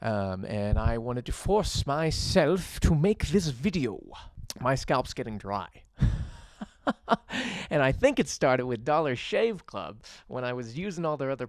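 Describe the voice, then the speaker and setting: A young vlogger rambles casually through his day at home, from the laundry to his bedroom, poking fun at himself and cursing offhandedly. He speaks at a medium pitch with vocal fry.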